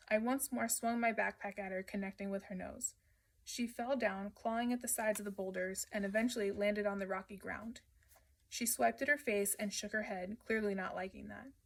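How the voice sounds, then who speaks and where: A woman reading a children's adventure novel aloud, narrating in the first person at a steady, lively pace. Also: medium pitch. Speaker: audiobook reader. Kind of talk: children's book read aloud.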